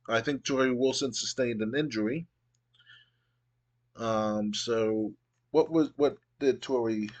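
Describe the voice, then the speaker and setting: A man hosting a casual let's play, narrating the action in a relaxed play-by-play way with occasional fillers. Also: medium pitch.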